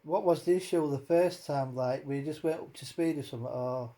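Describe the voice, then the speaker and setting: A man's voice: on the high side, a little fast, dark tone. A man hosting a casual chat, rambling and swearing as he rants with many fillers. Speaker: host.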